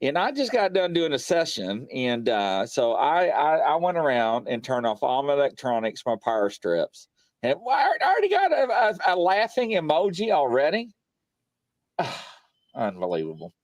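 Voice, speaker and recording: Male paranormal show host, casual live-stream chat, rambling with lots of fillers, slightly high voice, very lively pitch, dry sound. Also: moderate pace, no echo. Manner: rambling, animated storyteller with many fillers. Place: home studio.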